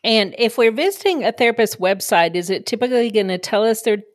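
A woman's voice: fairly high pitch, animated, a little fast, no echo, clean studio sound. A woman co-hosting a podcast, asking direct questions in a conversational way. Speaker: podcast co-host. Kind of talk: interview questions.

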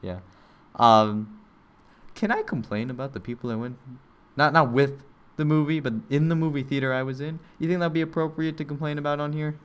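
Young man rambling through an animated story. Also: brisk, smooth. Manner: animated storytelling, mimics people in high voices; rambling, with many fillers and repeats. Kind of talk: casual chat.

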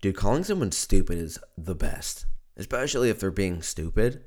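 A hoarse man hosting a podcast, talking in a casual, profane, joking rant and laughing at his own lines. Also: low-pitched, very animated, moderate pace, darkish tone. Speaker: podcast host.

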